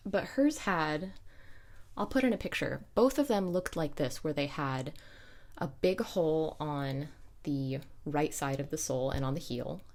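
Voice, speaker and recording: A young woman with a notably low, deep-set voice talks through her knitting in a relaxed, chatty way. She digresses often and corrects herself mid-sentence, like a host chatting with her regular listeners. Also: unhurried. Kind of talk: casual chat.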